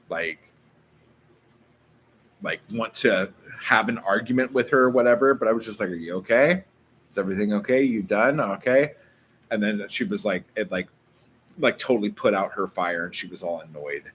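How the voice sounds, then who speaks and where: A man's voice: fairly low pitch, moderate pace, fairly bright tone, slight background noise. A man vlogging casually, rambling through a story full of filler words and swearing.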